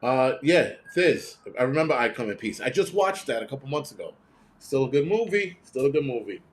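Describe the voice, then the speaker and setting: A man hosting a live stream, chatting casually and reading viewer comments, ranting bluntly with lots of swearing and quick imitations of other people. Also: medium pitch, very animated. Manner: mimics others in quoted voices.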